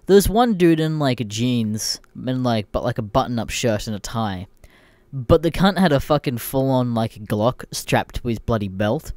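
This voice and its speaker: The Australian host speaks at medium pitch, animated yet unhurried and a little mellow, with no echo. His podcast is casual storytelling delivered as a rant, blunt and irreverent with constant swearing.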